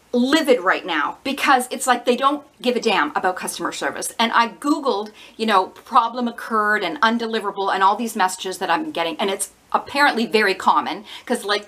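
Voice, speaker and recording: A woman's voice: mid-range voice, bright, forceful tone. A woman vlogger ranting to camera, exasperated and indignant, her talk full of "like.".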